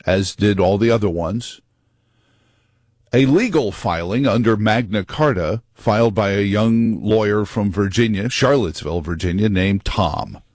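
A man's voice: fairly low pitch, a little slow, a little mellow, no room sound, studio quality. A man hosting a talk radio show, talking through history with wry joking asides. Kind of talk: conservative talk radio monologue. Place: radio studio.

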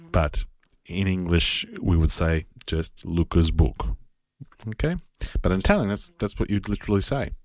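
A man giving a patient, casual spoken lesson, repeating words slowly and spelling them out. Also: low-pitched, dry recording, clean studio sound. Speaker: Italian language teacher.

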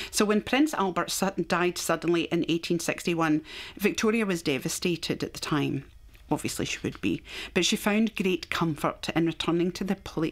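A Scottish woman presenting a radio programme, chatting casually and telling local history with fillers and laughs. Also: deep voice.

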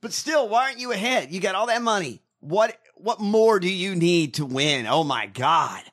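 A man's voice: high-pitched, animated, moderate pace, fairly bright tone. A man in casual political podcast chat, mocking and ranting with lots of swearing. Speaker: podcast co-host.

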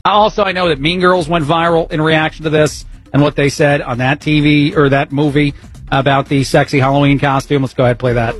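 A man's voice: fairly high pitch, flat delivery, fairly quick, soft background music. A man filling in as a radio talk host, rambling casually and poking fun at himself. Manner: chatty, rambling, self-mocking, laughs at his own jokes. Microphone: studio broadcast microphone.

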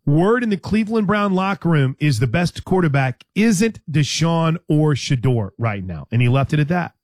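Chatty man with a slightly high voice. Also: animated, moderate pace, darkish tone, no room sound, studio quality. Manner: chatty, teasing, many restarts. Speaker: sports radio host. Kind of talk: casual sports talk.

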